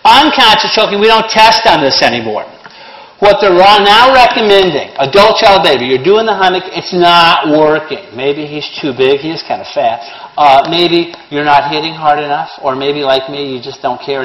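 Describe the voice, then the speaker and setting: A man's voice: on the high side, moderate pace. A middle-aged man teaching a CPR class with blunt, sarcastic jokes between his instructions. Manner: sarcastic, blunt, joking, lively. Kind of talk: classroom lesson with joking asides. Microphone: handheld or worn microphone. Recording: echoey room, faint noise.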